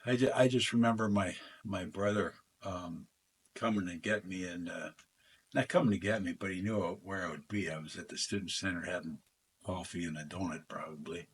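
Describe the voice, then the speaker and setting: A man's voice: sits low, steady tone, moderate pace, a little hiss or hum. Older man spinning rambling stories. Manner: rambling anecdotes, acts out quoted dialogue, frequent fillers. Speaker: former football player, interview guest. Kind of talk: casual storytelling interview.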